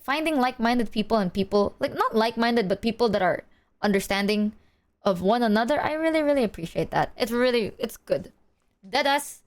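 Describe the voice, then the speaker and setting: A young woman chatting to her stream viewers in a fairly high voice. She rambles and mocks herself, slips into slang and laughs a lot. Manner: rambling, self-mocking, laughs often, slangy. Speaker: VTuber streamer. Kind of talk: casual chat with stream viewers.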